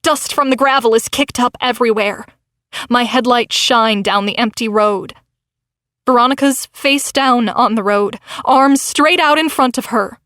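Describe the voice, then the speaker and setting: A woman's voice: a little high, unhurried, fairly bright tone, dry recording, studio quality. A woman narrating a novel in the first person with dramatic, tense storytelling. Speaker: audiobook narrator.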